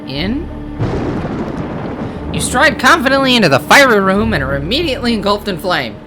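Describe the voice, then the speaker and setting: Let's-play narrator: animated delivery, reads card text, chats and self-corrects over game music. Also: mid-range voice, moderate pace. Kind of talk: reading game text aloud with casual asides.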